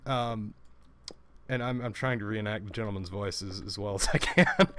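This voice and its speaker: A man chats casually while he plays, telling a long story at a medium pitch. He rambles and stammers through frequent restarts. The sound is dry and close. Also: wildly swooping pitch, moderate pace, fairly bright tone, dry recording. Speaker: let's play host.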